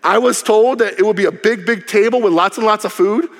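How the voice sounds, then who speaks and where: A male pastor delivers a sermon in a high, bright voice, bouncing from playful jokes to low, hushed emphasis. The sound carries the long reverb of a large church hall. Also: brisk. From Cuban heritage. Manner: lively, humorous, varies volume widely, drops low for emphasis.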